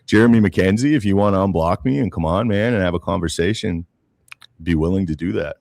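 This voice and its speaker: Man, from Canada, podcast co-host, blunt, swears, stumbles into sentences, deep voice, dry sound. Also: fairly quick, gravelly, darkish tone, no echo. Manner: blunt, profane, repeats words when starting. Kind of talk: casual political chat.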